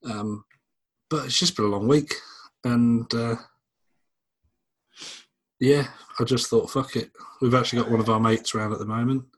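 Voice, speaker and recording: Husky man, tipsy podcast host. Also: mid-range voice, moderate pace, pauses often, low-quality recording. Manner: relaxed, swearing, rambling. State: tipsy after a few beers. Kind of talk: casual chat.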